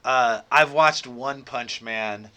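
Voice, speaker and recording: A man co-hosting a podcast in casual, profane, slangy chat, excitedly acting out scenes with sound effects. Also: medium pitch, slow, clean tone. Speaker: podcast co-host.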